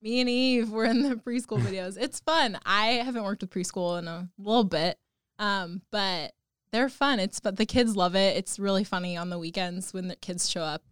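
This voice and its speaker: A woman's voice: mid-range voice, moderate pace, clean tone, no room sound, clean studio sound. A woman who works in children's ministry, chatting on a church podcast in short, upbeat replies. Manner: upbeat, brief, laughing replies. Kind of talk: casual church podcast chat.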